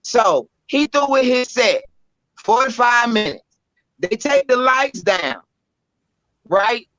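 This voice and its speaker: A woman with a Southern US accent, a spoken word poet telling a story as an interview guest, animated, blunt and profane. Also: fairly high pitch, slow pace, no echo. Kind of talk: casual storytelling. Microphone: podcast microphone. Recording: dull lo-fi audio.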